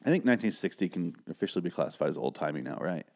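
Male recapper, low voice, rambling, sarcastic and profane. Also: lively intonation, racing, vocal fry, a little mellow. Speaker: episode recapper. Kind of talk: casual commentary.

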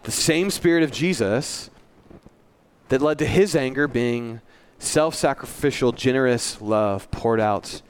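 A man's voice: medium pitch, a little slow, clear, resonant tone. A male pastor giving a sermon in a church, earnest and conversational, with self-deprecating asides.

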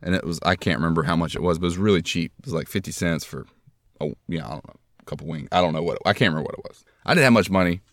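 A man's voice: sits low, very fast, a bit bright, no room sound, studio quality. A man hosting a podcast, telling rambling, self-deprecating stories in casual chat. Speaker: podcast host.

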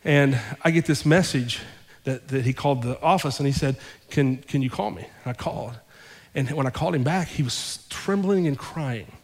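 A man's voice: mid-range voice, a little fast, hardly any pauses, big-room sound. A male pastor telling a story in a sermon, acting out the dialogue as he goes. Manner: animated retelling with quoted dialogue. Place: church sanctuary.

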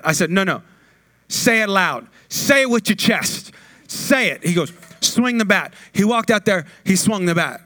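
A middle-aged man preaching a sermon, chatty and informal, rising to loud call-and-response with the congregation. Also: high voice. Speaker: pastor.

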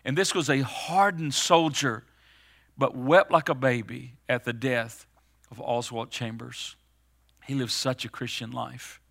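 A man's voice: mid-range voice, steady tone, unhurried, vocal fry, fairly bright tone. A man preaching a sermon, reading scripture aloud and explaining it, rising to urgent, emphatic calls. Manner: builds to urgent, raised emphasis; reads scripture aloud between plain explanation.

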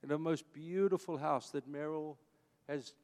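This Afrikaans-accented pastor from South Africa, a man in his fifties, speaks emphatically to his church and keeps repeating phrases as preachers do. His voice is on the high side and steady, with a darkish tone and moderate pace, set in a big-room sound.

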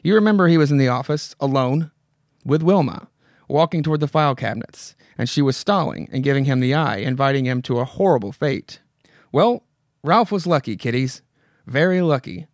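A man's voice: on the high side, lively intonation, moderate pace, a little mellow, no echo, clean studio sound, lightly acted. A man putting on a sly old witch. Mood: mocking. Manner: sly, mocking, addresses listeners as kiddies. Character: cackling old female witch storyteller.

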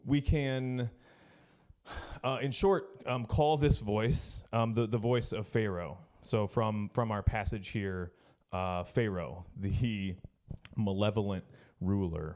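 A man's voice: lowish voice, a little mellow. A man preaching a sermon to college students, reflective and hesitant, often restarting his sentences. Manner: hesitant, reflective, frequent self-corrections.

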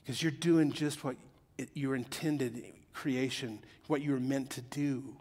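A man's voice: medium pitch, fairly even intonation, unhurried, darkish tone, in a large hall. A middle-aged man preaching a sermon in a joking, conversational way that builds to emphatic peaks. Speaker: pastor.

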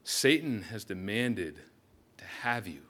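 A man's voice: on the low side, expressive, slow pace, sharp tone. A man preaching a sermon as pastor, earnest and reflective, often restarting his sentences.

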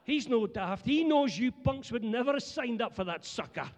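A middle-aged man with a Scottish accent preaching a humorous sermon, animated and joking as he talks to the congregation. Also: very high voice, moderate pace. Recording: long church hall reverb.

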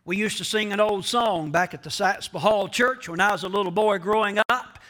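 A man preaching a sermon as pastor, slow and emphatic, repeating key phrases and speaking straight to the congregation. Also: high-pitched, pushed and bright. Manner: addresses the congregation directly.

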